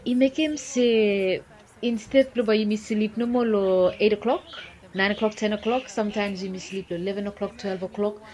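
Ni-Vanuatu woman host, conversational, sums up health tips, mid pitch. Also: fairly even intonation, moderate pace, a little mellow. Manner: plain, conversational, sums up points. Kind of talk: casual health talk.

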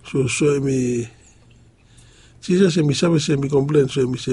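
A man preaching a sermon, halting and pausing often. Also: medium pitch, warm tone, breathy edge. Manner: halting, with many pauses and fillers.

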